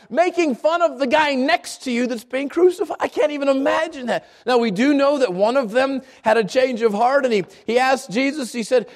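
High-voiced impassioned male preacher. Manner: impassioned, rises high for emphasis then drops to a hushed prayer. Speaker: pastor. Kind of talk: sermon.

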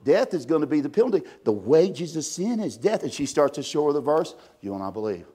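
A man preaching a sermon and telling a story in an animated way, swinging from loud bursts down to hushed tones. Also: on the high side, brisk, breathy edge.

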